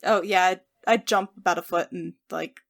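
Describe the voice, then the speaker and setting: A woman playing a tabletop game, animated and giggly. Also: on the low side, normal speed, gravelly. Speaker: player.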